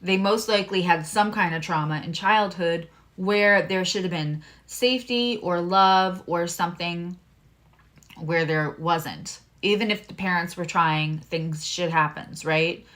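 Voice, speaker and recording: Chatty low-voiced woman reading tarot. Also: a little slow. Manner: chatty and candid, swears freely, drops into hushed asides. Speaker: astrologer and tarot reader hosting a live stream. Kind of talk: casual live-stream tarot reading.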